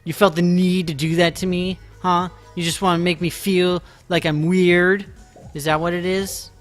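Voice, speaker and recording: A man streaming a farming game, chatting casually and playfully, teasing his viewers and breaking into excited outbursts. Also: high-pitched, moderate pace. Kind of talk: casual live-stream chat. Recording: faint music behind.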